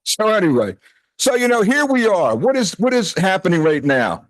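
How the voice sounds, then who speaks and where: A man's voice: high voice, sing-song, normal speed, dry recording, poor audio. A man in his sixties giving a heartfelt, conversational speech to a retreat gathering. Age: 60s. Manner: heartfelt, conversational, with quoted dialogue. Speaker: retreat association president.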